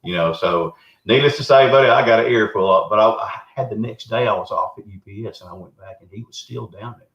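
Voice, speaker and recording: A man's voice: fairly low pitch, fast. A middle-aged man with a Southern US accent, a Bigfoot researcher and show guest, telling his story in a folksy, rambling way. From Arkansas, US. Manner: folksy, rambling, animated retelling. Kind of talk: casual storytelling. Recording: roomy, dull lo-fi remote audio.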